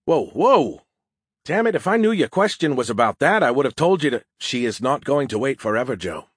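A man's voice: fairly high pitch, big pitch swings, fairly quick, breathy edge, dry recording, studio quality, voice pushed up. A man voicing a snarky, smug male alien AI in an audiobook, with a brash, mocking manner. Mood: exasperated. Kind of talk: audiobook character voice.

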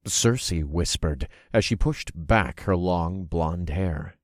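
Deep voiced guy reading a fantasy story in first person, dry close sound, expressive. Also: takes it slowly, no echo. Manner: expressive, groaning and cursing in character. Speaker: narrator. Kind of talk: first-person audiobook narration.

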